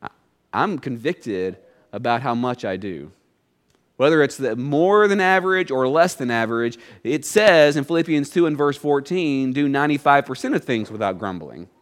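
A man preaching a sermon to his church, reading scripture and talking it through in a conversational way, often climbing higher and louder to drive a point home. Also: animated, normal speed. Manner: conversational preaching, often rises in pitch and volume for emphasis; reads scripture, then voices grumbling people in a higher tone. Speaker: pastor.

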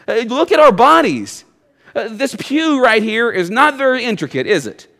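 A man preaching a sermon in a church, talking conversationally, often checking in with the congregation and dropping into soft low asides. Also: big pitch swings, normal speed. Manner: conversational preaching, asks the congregation "you see?".

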